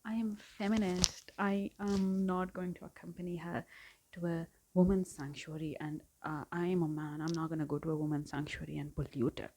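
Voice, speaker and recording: A woman mockingly voicing a smug, self-righteous husband, with slow, exaggerated pronouncements. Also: on the low side, level tone, a little mellow, a little hiss or hum, natural voice.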